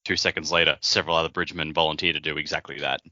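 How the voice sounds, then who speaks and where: A man's voice: rumbling low, little pitch movement, rapid-fire, sharp tone, no room sound. A man co-hosting a casual podcast, dropping dry jokey asides. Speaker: podcast co-host. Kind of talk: casual book-discussion chat. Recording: dry, dull lo-fi audio.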